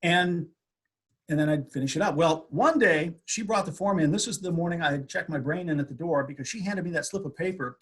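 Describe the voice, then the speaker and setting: An older man with a slightly raised, husky voice tells anecdotes from decades on the air. He talks with animated energy and often jumps up in pitch when he quotes people. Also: brisk. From USA. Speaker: radio host, guest. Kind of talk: storytelling interview.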